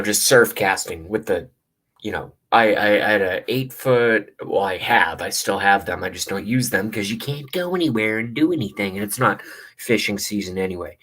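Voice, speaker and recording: A man's voice: lowish voice, a bit bright. A man vlogging, telling a rambling story in a blunt, casual way with lots of fillers. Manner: rambling, blunt, swears often, many fillers. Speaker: vlogger reacting to videos.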